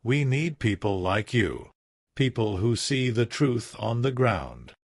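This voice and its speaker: A man voicing a firm, commanding male company boss who speaks with measured authority in a storybook. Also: medium pitch, big pitch swings, vocal fry, no room sound, clean studio sound, heavily acted. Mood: warm, firm.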